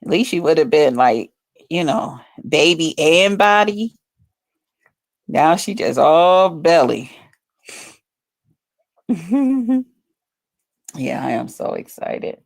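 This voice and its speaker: A woman's voice: sits low, big pitch swings, takes it slowly, creaky, pauses often, no room sound. A woman chatting casually to her viewers on a phone livestream from home, rambling and swearing freely. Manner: rambling, profane, talks straight to viewers.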